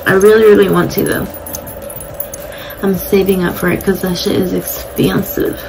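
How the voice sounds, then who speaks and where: A young woman talking through a casual makeup vlog in a plain mid-range voice. She is blunt and chatty and swears freely. Music plays clearly in the background. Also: mid-range voice, flat delivery, moderate pace, rough recording. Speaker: beauty vlogger. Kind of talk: casual get-ready-with-me chat. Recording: music playing behind the voice.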